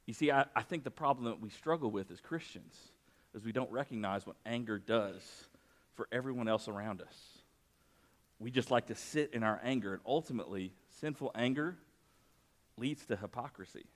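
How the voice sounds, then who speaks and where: At a medium pitch and moderate pace, a preaching pastor alternates between reading scripture and sharing personal anecdotes. His style is conversational, and he raises his voice to stress key points.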